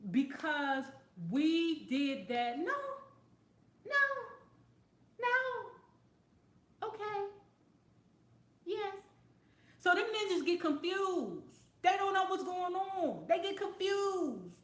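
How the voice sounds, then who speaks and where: A woman hosting her own talk show, telling stories and reacting to viewer comments in a profane, animated way. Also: very high voice, reverberant. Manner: animated, profane, storytelling, quick to laugh. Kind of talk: casual talk show monologue.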